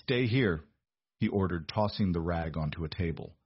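A man narrating an audiobook in an even, measured storytelling manner. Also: sits low, husky, dry recording, lo-fi sound.

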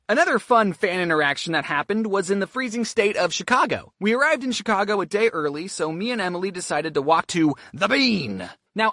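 A young man doing scripted comedic storytime narration. His voice is lively and swoops up and down, with deadpan asides between jokes. The recording is dry and close. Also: sits high, dry recording. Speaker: storytelling YouTuber.

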